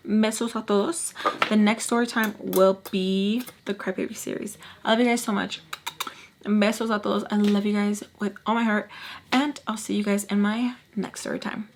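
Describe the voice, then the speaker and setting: Young woman vlogger, casual storytime delivery, animated with hushed asides. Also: mid-range voice, normal speed, a little hiss or hum. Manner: chatty, animated, often drops to a whisper.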